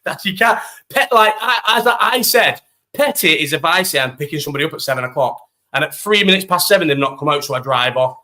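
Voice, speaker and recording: A young man telling an animated, swear-filled story while chatting to a live stream audience. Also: on the high side, quick pace. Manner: animated, swears freely, talks to live chat. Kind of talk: casual storytelling chat.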